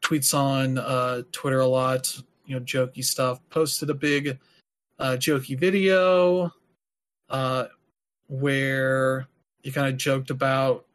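A man hosting a podcast, talking casually and rambling with lots of filler words. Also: mid-range voice. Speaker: podcast host. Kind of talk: casual chat.

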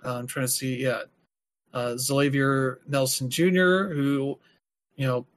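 A man talks loosely on a podcast, filling pauses with plenty of "uh" and "you know." His voice sits at an ordinary middle pitch. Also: fairly even intonation. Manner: rambling, many filler words. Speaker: podcast host. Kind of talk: casual chat.

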